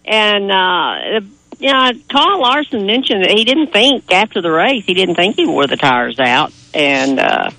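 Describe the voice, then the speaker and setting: A woman's voice: medium pitch, big pitch swings, a little slow, creaky, pushed and bright, rough recording. A woman on a racing panel, chatting enthusiastically and sometimes hesitating as she weighs her picks. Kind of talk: casual chat about racing.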